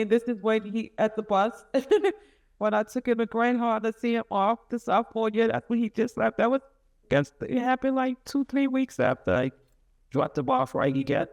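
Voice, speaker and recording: A middle-aged woman in an interview, recounting a painful family story in a halting, emotional way with many restarts. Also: fairly high pitch, darkish tone. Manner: emotional, rising and falling with feeling. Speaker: interviewee, mother of a convicted son. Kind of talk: emotional personal account in an interview.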